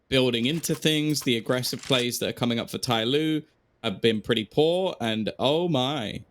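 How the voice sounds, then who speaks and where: A man's voice: medium pitch, slight background noise. Chatty male esports commentator. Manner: chatty, self-deprecating, quick reactions. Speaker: esports caster.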